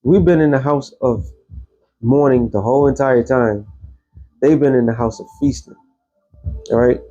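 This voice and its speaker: A man's voice: mid-range voice, normal speed, dark tone, dull audio, soft background music. A man giving a casual, rambling religious commentary as an online host, blunt and quoting scripture.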